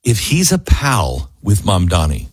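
A man's voice: low-pitched, huge pitch swings, measured pace, slightly rough, no room sound. A man hosting talk radio, giving emphatic, argumentative political commentary from a studio. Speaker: radio talk show host.

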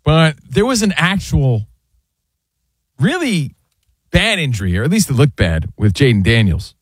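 A man's voice: on the high side, sing-song, unhurried, breathy edge, dry recording, studio quality. A man hosting a sports radio show, talking casually and rambling with fillers. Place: radio studio.

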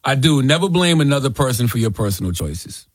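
A man's voice: mid-range voice, big pitch swings, a little fast, slightly rough, dry recording, studio quality. A man co-hosting a radio show, supportive and affirming toward his guest. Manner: affirming, backchannels a lot. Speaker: radio co-host. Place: radio studio. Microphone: studio mic.

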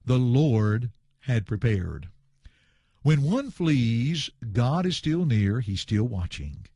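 Speaking slowly in a medium-pitched, slightly rough voice, a man delivers a verse-by-verse sermon on scripture, recorded studio-clean with no echo. He's emphatic and animated, repeats refrains and calls his hearers friends.

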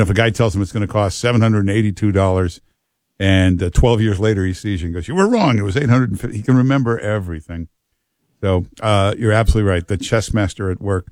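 Low-voiced wisecracking male radio host. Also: darkish tone, no echo, studio quality. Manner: chatty, repetitive, wisecracking. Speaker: radio talk show host. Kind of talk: casual talk radio chat. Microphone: studio mic.

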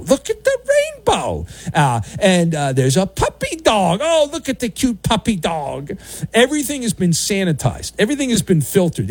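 Animated sarcastic male sports radio host. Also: sits high, no echo. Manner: sarcastic, animated, mocking voices. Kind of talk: opinionated sports talk monologue.

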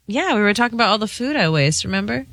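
A woman's voice: medium pitch, animated, quick pace, fairly bright tone, dry recording, studio quality. A woman producing a radio show, chatting casually and playfully with short replies.

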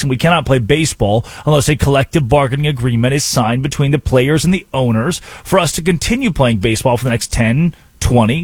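A man's voice: medium pitch, breathy edge, no room sound. A man hosting a sports talk radio show, arguing his points emphatically in a monologue. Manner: emphatic, animated, argumentative.

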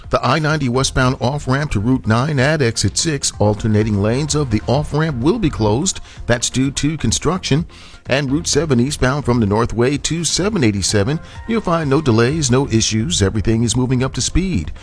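A man giving a radio traffic report in a brisk, informative way. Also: medium pitch, expressive, soft background music.

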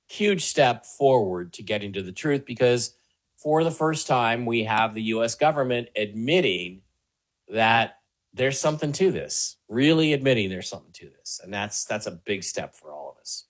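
A man appears as a talk show guest, answering questions earnestly but rambling, with lots of fillers and restarts. His mid-range voice is animated and moves at a normal speed.

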